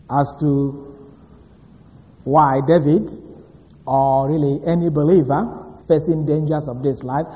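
Man preaching in a reverberant hall. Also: fairly high pitch. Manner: emphatic, stresses single words. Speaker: pastor. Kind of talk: sermon. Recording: dull reverberant hall recording.

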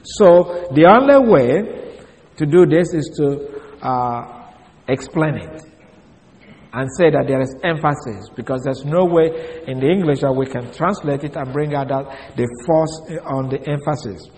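A man's voice: on the high side, expressive, darkish tone. Man teaching Bible study in a reverberant hall. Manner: deliberate, explains step by step, spells out words letter by letter.

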